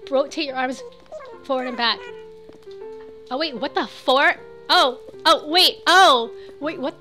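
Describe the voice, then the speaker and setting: A woman's voice: high-pitched, measured pace, bright, forceful tone, soft background music. A woman in her thirties chatting casually while she plays a game on stream. She is giggly and rambling, and she swears freely. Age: 30s. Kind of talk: casual live gameplay chat.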